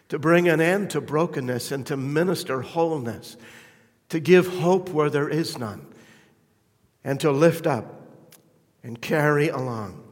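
A man preaches slowly and deliberately, his voice a little higher than most men's. He builds to fervent, emphatic peaks and then sinks back to quiet, close asides. The sound carries the long ring of a large church hall. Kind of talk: sermon.

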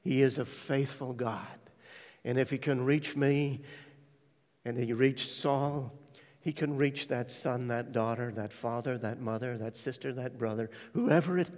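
A man preaching a sermon, telling his testimony with hushed, tender stretches and sudden loud quoted voices. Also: mid-range voice. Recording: large hall reverb.

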